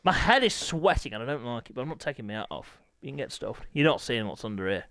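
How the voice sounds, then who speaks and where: A middle-aged man, hosting and commentating a motorbike racing game live, excitable and quick to break into shouts and laughter. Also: mid-range voice, dry recording. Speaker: gaming channel host and race commentator.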